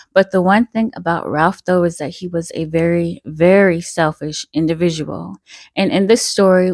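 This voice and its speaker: A woman's voice: on the low side, dry recording. A woman hosting her channel, telling a story in a chatty, loose way full of fillers. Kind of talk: casual spoken storytelling.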